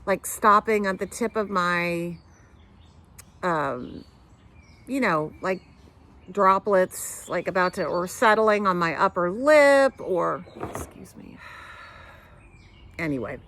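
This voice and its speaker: Speaking slowly in a fairly low voice with frequent pauses, this middle-aged woman hosts a knitting podcast at home on her couch. Animated and gesturing with her hands, she wanders through tangents and fillers while chatting to camera.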